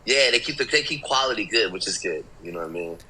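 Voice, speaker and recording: A man with a very bright, forceful voice talks a bit low-pitched and easygoing, a musician guest full of slang and laughs. Some faint room ambience sits under him. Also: expressive, fast talker, slight background noise, rough recording. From Chicago. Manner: laid-back, laughing, lots of fillers and slang. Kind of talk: casual interview chat.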